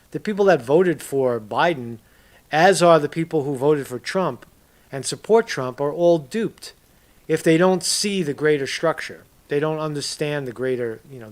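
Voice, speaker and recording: Profane rambling male commentator. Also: a little high. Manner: profane, rambling rant, constant "right?". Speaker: political commentator. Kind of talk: casual commentary video.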